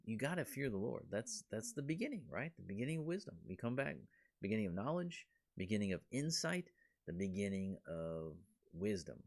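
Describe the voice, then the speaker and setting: A man teaching a casual Bible study, talking conversationally and breaking into quick voiced asides. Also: fairly low pitch, big pitch swings, darkish tone.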